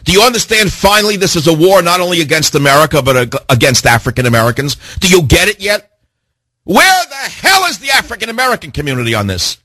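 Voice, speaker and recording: A male radio host delivers an impassioned rant, his voice swinging widely from low growls to high outbursts. It sits a little high and has a husky edge. The sound is dry and close, with no room around it. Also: big pitch swings, fast talker, bright, forceful tone, dry recording. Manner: impassioned, ranting, hammering rhetorical questions. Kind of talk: talk radio monologue.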